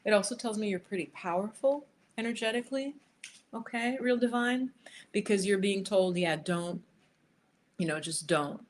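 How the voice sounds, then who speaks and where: A woman hosting a livestream, chatting with viewers and reading cards for them, sometimes dropping to a soft whisper while she shuffles. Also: medium pitch, normal speed, slight background noise. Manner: chatty, riffing, addresses viewers by name. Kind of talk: casual live chat with tarot readings. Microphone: headphones.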